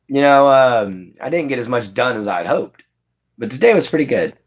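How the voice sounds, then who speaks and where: A man's voice: medium pitch, animated, normal speed, husky. Guy chatting on a stream, voice jumps all over, laughs a lot. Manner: chatty, answers chat by name, laughs often. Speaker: livestream host. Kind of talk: casual livestream chat with viewers.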